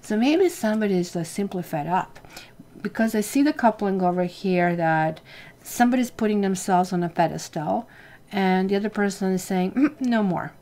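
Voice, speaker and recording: A woman's voice: mid-range voice, moderate pace, warm tone. A woman giving a casual tarot reading, talking straight to her viewers in a chatty way. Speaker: tarot reader.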